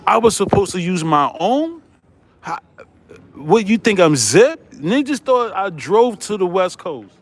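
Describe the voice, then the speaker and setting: A man's voice: high-pitched, sing-song, a little slow. A man hosting his own online channel, delivering a heated, profane rant in which he keeps asking "right?" and often breaks into laughter. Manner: profane, combative, repeats "right?"; laughs often while ranting. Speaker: YouTube host.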